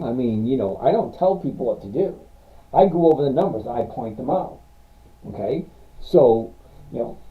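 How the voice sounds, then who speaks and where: A man hosting a casual live stream, answering viewer questions about stocks and reading figures off charts in a blunt, rambling way. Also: mid-range voice. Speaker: livestream stock trading host. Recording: tinny phone-like sound.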